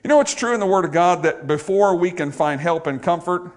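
A male pastor with a somewhat high voice delivers a sermon in church. He rises into loud, pleading calls, then drops to soft, low asides. He keeps drawing the congregation in with questions. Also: lively intonation, fairly quick. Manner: preaching with big swings between loud high exhortation and quiet low asides.

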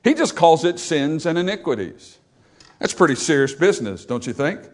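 A male pastor preaching a sermon, emphatic, asking the congregation rhetorical questions and building up loudly as he quotes scripture. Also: on the high side, big pitch swings, moderate pace.

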